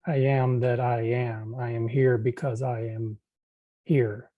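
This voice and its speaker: A satsang participant musing over a phrase in a slow, thoughtful way. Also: medium pitch, level tone, no echo, narrow, tinny audio. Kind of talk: question at a satsang.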